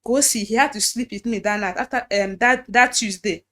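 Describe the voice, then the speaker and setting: Nigerian woman, Igbo native, personal testimony, halting restarts; fairly high voice. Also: a bit bright. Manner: halting, repeats and restarts phrases, quotes others' words. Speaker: guest telling her story.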